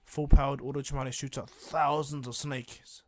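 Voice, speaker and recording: A man's voice: mid-range voice, level tone, moderate pace, no echo. A man casually retelling a fan-fiction story, rambling, with fillers and repeated "and he goes".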